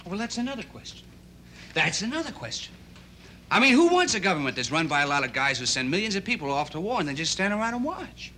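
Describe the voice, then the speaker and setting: Idealistic teenage boy, 1960s TV drama, high voice, animated, rambling, halting restarts. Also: slight background noise, heavily acted.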